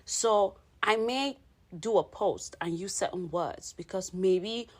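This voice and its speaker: A woman's voice: mid-range voice, slow. A woman from Cameroon co-hosting a podcast, explaining in a casual chat and checking in with "right?" as she goes. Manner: explains with repeated "right?" tags, laughs often. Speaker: podcast co-host.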